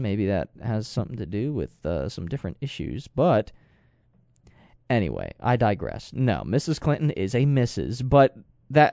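A man's voice: fairly low pitch, gravelly, darkish tone, no room sound, studio quality. A man giving rambling, digressive commentary with sarcastic asides. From United States. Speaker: political commentator. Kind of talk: casual talk commentary.

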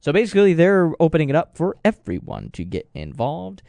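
A man's voice: a little high, wildly swooping pitch, fairly quick, gravelly, a little mellow, no room sound. A man giving rambling, digressive commentary with sarcastic asides. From United States. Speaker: political commentator. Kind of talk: casual talk commentary.

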